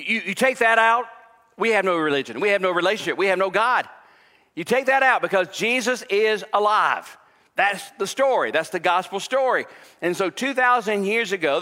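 A male pastor preaching a sermon, with emphatic stress that at times drops to a hushed tone. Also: high-pitched. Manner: emphatic, rises to near shouting, then drops to a hushed tone. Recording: long hall reverb.

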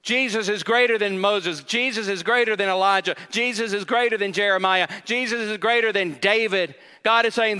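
A male pastor preaches emphatically, repeating key lines and asking rhetorical questions. His voice sits high and bright. It is caught with the long reverb of a large church hall. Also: moderate pace, few pauses, clear, resonant tone. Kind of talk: sermon.

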